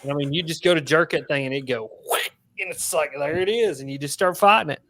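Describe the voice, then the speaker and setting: A man's voice: on the high side, fast talker, fairly bright tone. A man from Tennessee, chatting casually and rambling through stories on a live fishing stream. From Tennessee, USA. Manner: laid-back, rambling storyteller.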